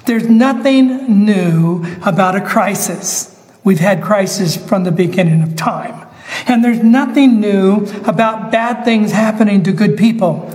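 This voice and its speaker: A man's voice: high-pitched, unhurried, a little mellow, long reverb tail, poor audio. A male pastor delivering a sermon, emphatic, repeating phrases and asking the listeners questions.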